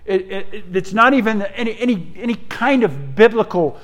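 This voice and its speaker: A man's voice: high-pitched, lively intonation, moderate pace, a bit bright. A man preaching a sermon as pastor, emphatic, with frequent restarts and repeated words.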